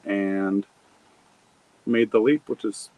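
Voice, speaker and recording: A man's voice: lowish voice, fairly even intonation, slow, no room sound, narrow, tinny audio. A middle-aged man from Montana, an author being interviewed, telling his story in a rambling, reflective way with many fillers and restarts. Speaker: author and guest. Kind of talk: conversational interview.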